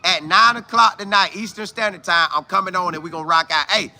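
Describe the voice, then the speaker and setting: A man's voice: sits high, fairly even intonation, fairly quick, creaky, sharp tone. A man hosting a casual live stream, reading viewer comments aloud and talking straight to his audience with exclamations and repeated phrases for emphasis. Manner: talks straight to viewers, calling them y'all.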